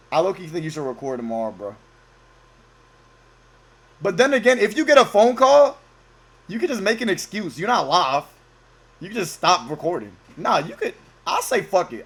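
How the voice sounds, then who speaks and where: A man's voice: sits high, big pitch swings, normal speed, pauses often, fairly bright tone, husky. A young man streaming from home, reacting to a video with casual, profane, joking slang and talking over it. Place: home at night, keeping voice down.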